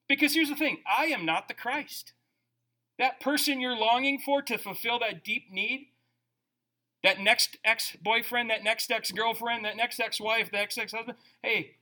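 A middle-aged man preaching a sermon as a pastor, conversational and animated, his volume rising and dropping. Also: high-pitched.

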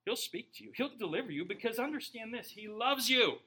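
A male pastor in mid-sermon with a high, bright voice that jumps all over the place. He preaches in a joking, conversational way, teasing his congregation one moment and turning earnest the next. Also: expressive, brisk, husky.

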